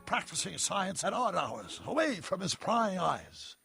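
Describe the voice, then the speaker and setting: A man voicing an eccentric, excitable older male inventor in a video game, theatrical and given to sudden outbursts. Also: high-pitched, measured pace, creaky, slightly rough, faint music behind, heavily acted.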